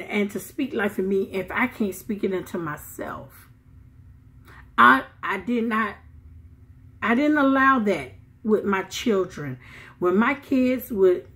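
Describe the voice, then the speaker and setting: A middle-aged woman giving casual motivational advice to her viewers, animated and chatty with asides. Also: mid-range voice. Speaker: vlogger giving life advice. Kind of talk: casual motivational talk to camera.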